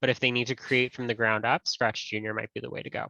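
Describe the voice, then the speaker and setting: Man, webinar presenter, casual and friendly, bright voice, dull dry call audio. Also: medium pitch, flat delivery, fast talker, gravelly, no room sound. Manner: casual, friendly, self-correcting. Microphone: video call.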